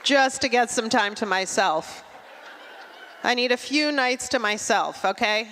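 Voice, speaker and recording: A middle-aged woman doing a stand-up comedy set, with a dry, deadpan delivery and quick asides. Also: on the high side, a faint crowd, slight background noise. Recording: long hall reverb.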